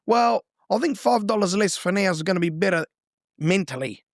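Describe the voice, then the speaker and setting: Earnest young man, higher voice. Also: lively intonation, normal speed, no echo, clean studio sound. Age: 20s. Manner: earnest, heartfelt, speaks from the heart. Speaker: real estate agent guest. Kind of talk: casual interview chat.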